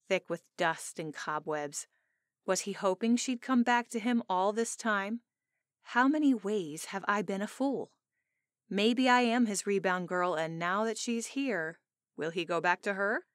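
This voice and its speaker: Woman narrator, mid-pitched, expressive first-person reading, dry close studio sound. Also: no echo. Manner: expressive, emotional storytelling. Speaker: audiobook narrator.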